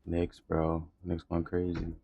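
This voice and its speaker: A man's voice: sits low, monotone, takes it slowly, vocal fry, dark tone. A man chatting casually with a friend while gaming on a stream, laid-back and slangy, often trailing off. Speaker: gamer on stream.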